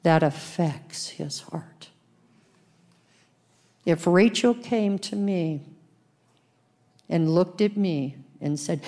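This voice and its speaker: A woman pastor preaching a sermon, laughing often and reading scripture slowly with emphasis. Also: lowish voice, warm tone.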